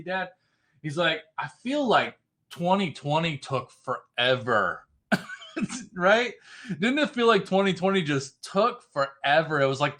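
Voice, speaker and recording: Middle-aged male business mentor, livestream host, bright and forceful, high-energy preacher-style pep talk. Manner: fired-up, shouts greetings to chat viewers, swings loud and quiet.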